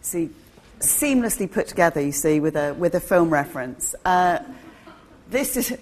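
A woman talks in a casual, chatty way and pokes fun at herself. Her voice sits fairly low. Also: lively intonation, normal speed, a little mellow. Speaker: co-host. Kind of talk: casual talk.

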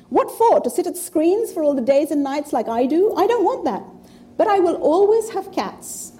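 A woman's voice: high-pitched, dark tone, slight background noise. A woman in her fifties giving an informal talk to an audience, blunt, profane and sarcastic. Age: 50s. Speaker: speaker addressing an audience.

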